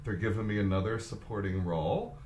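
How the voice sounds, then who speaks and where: A man, a guest on a live web talk show, chatting in a lively way and laughing often. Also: lowish voice, brisk, roomy sound, a little hiss or hum. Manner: lively, laughing, talks over the host. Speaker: guest actor and singer. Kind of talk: casual chat.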